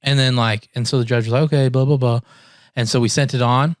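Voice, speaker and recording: A man's voice: mid-range voice, fast, no room sound. Guy on a podcast telling a story, laughs a lot, does voices for the people in it, dry room. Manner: animated storyteller, acts out quotes, laughs often. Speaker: podcast co-host. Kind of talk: casual storytelling chat.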